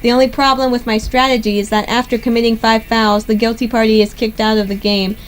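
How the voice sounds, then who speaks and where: A young woman hosting a gaming channel, reading a visual novel aloud in steady first-person narration. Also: a little high, fast talker, soft background music, rough recording.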